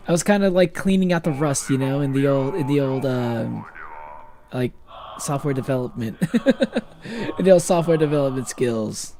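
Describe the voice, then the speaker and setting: A man's voice: a little high, expressive, moderate pace, mellow, soft background music. Chatty young male gaming streamer. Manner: rambling, chatty, lots of fillers and laughs. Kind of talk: casual chat while livestreaming a game.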